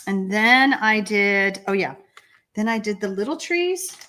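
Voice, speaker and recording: A Texan-accented woman with a mid-range voice leads a live card-making tutorial at a measured pace, chatty and excitable as she reads viewer comments while stamping.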